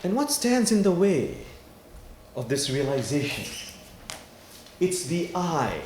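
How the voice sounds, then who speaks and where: A man, an imam, giving a sermon in a worship hall and telling parables with dramatic pauses. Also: a little high, a little hiss or hum. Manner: animated storytelling with dramatic pauses. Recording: echoey hall, faint ambience.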